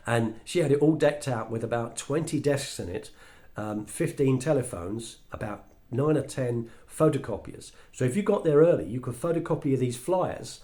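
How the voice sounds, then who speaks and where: A man's voice: medium pitch, moderate pace. A man with an English accent telling a personal story as a monologue, acting out the dialogue he quotes. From England. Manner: animated, acts out quoted dialogue. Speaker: speaker sharing his story.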